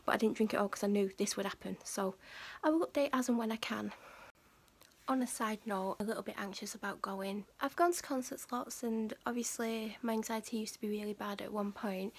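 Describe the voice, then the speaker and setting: A woman's voice: medium pitch, husky. A young woman chatting to camera in a rambling vlog, full of fillers and retold conversations. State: out of breath. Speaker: vlogger. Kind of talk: casual vlog chat to camera.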